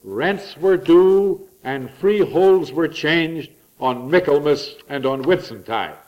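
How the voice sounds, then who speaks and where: A middle-aged man preaching a learned, lecture-style sermon full of asides, with lively swings of pitch and pace for emphasis. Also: slow, lo-fi sound. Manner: learned, digressive, with frequent asides. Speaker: preacher or lecturer on the church year.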